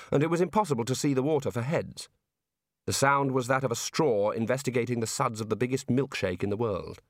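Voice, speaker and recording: An audiobook narrator, a man with an average male pitch, reads a storybook aloud in steady, measured narration. The recording is close and dry, with no room sound at all.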